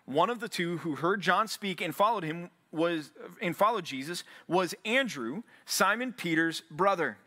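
A male pastor preaching to a men's Bible study, energetic and animated, acting out quotes and building to near shouts when he urges. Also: sits high, unhurried, few pauses. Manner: acts out biblical quotes in an animated voice. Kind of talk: sermon.

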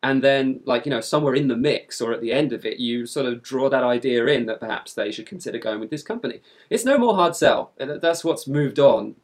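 Chatty man co-hosting a travel podcast. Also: mid-range voice. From countryside upbringing. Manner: chatty and explanatory, quick asides. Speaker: podcast co-host. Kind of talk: casual chat.

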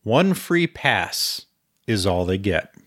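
Man reading stern lady starship captain, low flat voice, dry sound. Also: moderate pace, dry recording, close to an everyday voice. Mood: grim. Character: grim resolute woman starship captain.

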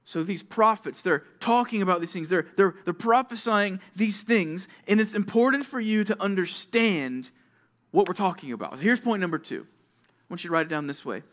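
A young man with a fairly high voice preaches to a junior high group. He tells stories and acts out little scenes as he goes, jumping from loud calls to near whispers. The style is a lively youth sermon. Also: normal speed. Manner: animated storytelling, acting out little scenes with swings from loud to hushed. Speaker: youth pastor.

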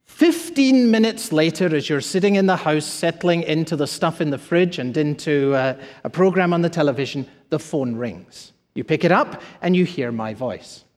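High-voiced preacher in a reverberant hall. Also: male voice, animated, moderate pace, hardly any pauses. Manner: preaching with rising emphatic repetition. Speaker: pastor. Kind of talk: sermon.

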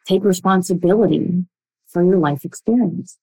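Young adult woman, coach talking to camera, slightly low voice, blunt and emphatic, uneven pace. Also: mellow, breathy edge, poor audio. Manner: blunt, emphatic, speeds up and slows down a lot. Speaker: relationship coach. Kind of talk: direct-to-listener coaching talk.

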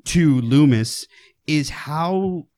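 A man co-hosting a casual film discussion podcast, talking in an animated way, swearing and acting out quotes. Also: fairly high pitch, very slow. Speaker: podcast co-host.

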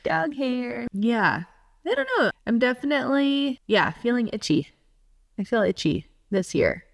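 A woman's voice: on the high side, sing-song, unhurried, vocal fry. A woman co-hosting a podcast in casual chat, talking candidly and swearing freely as her voice swings up and down. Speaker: podcast co-host.

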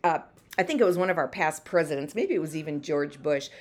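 A woman's voice: sits low, expressive, fast, darkish tone. A woman hosting a motivational podcast, speaking emphatically, repeating phrases and leading her listeners in affirmations. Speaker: podcast host and mentor. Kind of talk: motivational pep talk.

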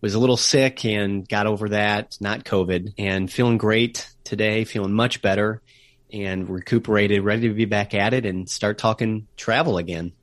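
A man co-hosting a travel podcast over a remote call, explaining places at length and slowing down to stress key words. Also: fairly low pitch, fairly even intonation, no echo, studio quality. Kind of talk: casual podcast chat.

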